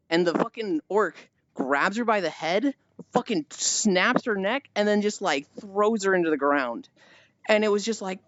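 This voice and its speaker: A woman's voice: mid-range voice, very animated, normal speed, no echo, highs cut off. A woman streamer chatting casually with viewers, telling stories animatedly and swearing often.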